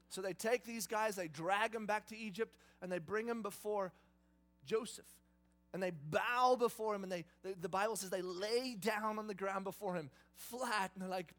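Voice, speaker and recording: A man preaching a sermon, retelling a story in a lively, conversational, dramatic way. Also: sits high, moderate pace. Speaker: pastor.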